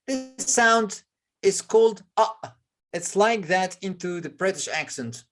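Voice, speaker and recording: Slow Egyptian-accented woman teaching pronunciation. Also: medium pitch, big pitch swings. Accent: Egyptian Arabic. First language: Arabic. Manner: slow, drawn-out model words with frequent fillers. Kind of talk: online pronunciation lesson.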